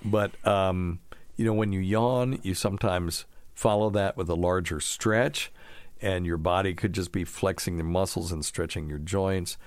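A middle-aged man with a very low voice hosts a casual call-in radio show. He talks bluntly and offhandedly and tosses in scoffing asides. The sound is close and dry. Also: fairly even intonation, a little slow, clean tone, no room sound. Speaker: radio show host answering caller questions.

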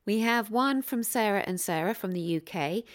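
A woman's voice: mid-range voice, lively intonation, moderate pace. A woman moderating a podcast, reading out listener questions with light, dry asides. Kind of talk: casual chat.

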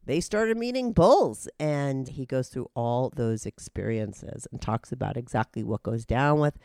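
A woman's voice: rumbling low, expressive, a little slow, darkish tone, no room sound, studio quality. A woman hosting a podcast, talking bluntly and casually with a nasal voice from a cold. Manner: blunt, profane, chatty. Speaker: podcast host. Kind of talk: casual frank interview.

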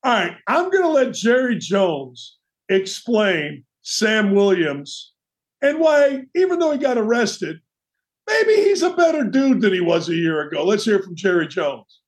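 A man's voice: sits high, a little slow. A man hosting a sports talk show, delivering a brash, opinionated monologue with mocking asides. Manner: brash, animated, mocking asides and quoted voices.

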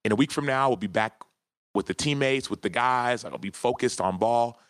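A man's voice: medium pitch, brisk, dry recording. A man in his thirties, a podcast guest, telling a personal story in an earnest, heartfelt way during a casual interview.

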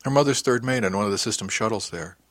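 A man's voice: on the low side, fast, fairly bright tone, dry recording, clean studio sound. A man reading the part of a cheerful middle-aged woman spacer who teases easily and sounds motherly. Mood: wry. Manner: teasing, easygoing.

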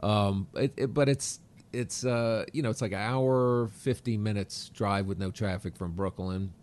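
Rambling, halting middle-aged man. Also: on the low side, a little mellow. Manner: rambling, halting, full of restarts. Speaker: guest. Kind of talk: casual chat.

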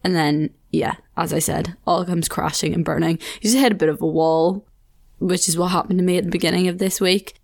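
A young woman with a southern Irish accent, hosting a podcast in casual chat, laughing often and adding quick asides. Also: fairly low pitch, fairly even intonation, creaky. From Ireland. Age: 20s. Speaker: podcast host.

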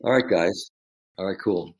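A man's voice: sits low, normal speed, breathy edge, rough recording. An older man, a film director guest, telling rambling anecdotes in a casual interview. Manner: rambling anecdotes with acted quotes. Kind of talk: casual storytelling.

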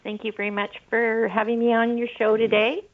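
A woman's voice: on the high side, level tone, a little fast. A woman from Richmond, British Columbia, a radio guest calling in on the phone who tells her story in a plain, conversational way. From Richmond, British Columbia, Canada. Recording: tinny phone line.

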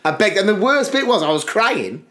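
A man co-hosting a podcast in casual chat, telling school stories with lively acted-out voices. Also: high voice, moderate pace. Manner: animated storyteller who acts out teachers and his dad. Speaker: podcast co-host.

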